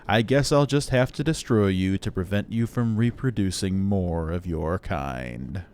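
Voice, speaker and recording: A man voicing a smug male android who talks down to humans in a slow, drawn-out, patronizing manner. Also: low voice, darkish tone, a little hiss or hum. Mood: condescending.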